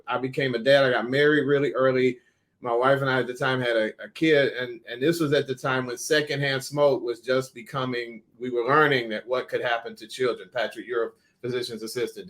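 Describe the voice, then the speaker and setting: Middle-aged man telling a family story. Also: mid-range voice. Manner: warm storyteller, acts out quoted voices. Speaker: moderator. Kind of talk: storytelling in a panel discussion.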